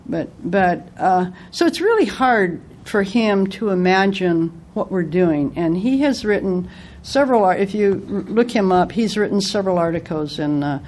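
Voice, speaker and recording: A woman's voice: medium pitch, animated, moderate pace, a little mellow. A woman giving a casual spoken book review, retelling its anecdotes in a conversational way.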